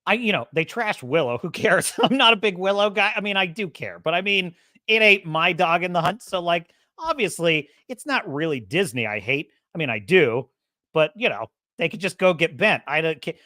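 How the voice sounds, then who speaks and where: A woman's voice: on the low side, expressive, normal speed, sharp tone, dry recording, studio quality. A woman hosting a show, ranting casually and sarcastically, laughing often and doing mocking impressions. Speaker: show host. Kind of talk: casual commentary rant.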